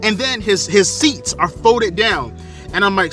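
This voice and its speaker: A man from South Florida rants through a story in a high, bright voice, swearing freely and getting more heated as he talks. Faint music plays behind him. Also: moderate pace. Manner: profane, heated, animated retelling. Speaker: storyteller vlogger. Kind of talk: casual storytelling rant.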